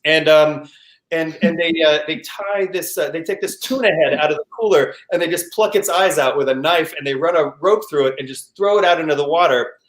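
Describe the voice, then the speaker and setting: A man telling a personal story at a live storytelling show, animated and full of restarts and vocal sound effects. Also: a little high, brisk. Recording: echoey room.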